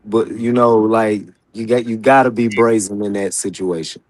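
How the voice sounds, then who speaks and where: A man's voice: fairly low pitch, fairly even intonation, moderate pace, darkish tone, no room sound, low-quality recording. A man talking in a loose, colloquial way as a guest in a discussion. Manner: loose, colloquial, restarts often. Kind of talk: casual discussion.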